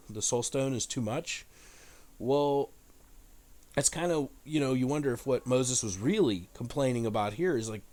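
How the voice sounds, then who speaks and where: A man hosting an irreverent Bible commentary in a casual, profane, joking way. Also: mid-range voice. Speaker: host.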